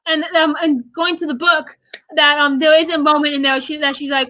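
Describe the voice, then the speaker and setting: A young woman talking fast and excitedly on a livestream as a guest, stumbling over her words as she rushes ahead. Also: high voice, poor audio. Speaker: guest, theater fan.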